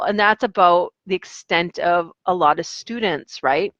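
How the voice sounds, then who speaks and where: A woman's voice: on the low side, moderate pace, hardly any pauses, a bit bright, no room sound, dull audio. A woman, an online English teacher, chatting casually in a vlog with a rambling, filler-heavy manner. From Canada.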